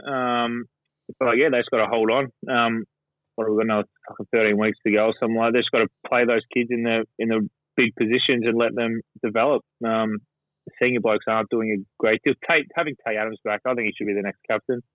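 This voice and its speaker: An Australian guest pundit rattles off casual sports chat fast, his medium-pitched voice keeping a steady tone. It's a dry phone-line call with no room sound, and he rambles, swears and uses plenty of fillers.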